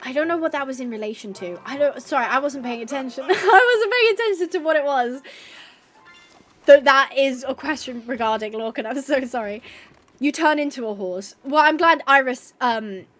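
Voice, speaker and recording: A woman in her twenties streams while playing a game, chatting casually in a bubbly, gushing way with lots of filler words. Her voice is high-pitched, animated and a bit bright, at a moderate pace.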